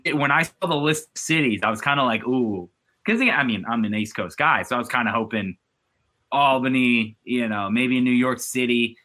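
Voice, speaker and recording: A man guesting on a sports podcast, chatting casually. His voice is bright and forceful. He tells stories animatedly, with frequent restarts and fillers. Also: medium pitch, normal speed.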